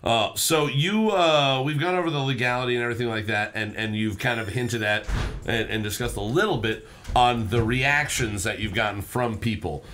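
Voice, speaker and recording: A man hosting a podcast, chatting loosely and swearing freely. His pitch sits in an ordinary middle range. He drifts into long, rambling stories. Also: normal speed, fairly bright tone. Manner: profane, rambling storyteller. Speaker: podcast host. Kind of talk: casual chat.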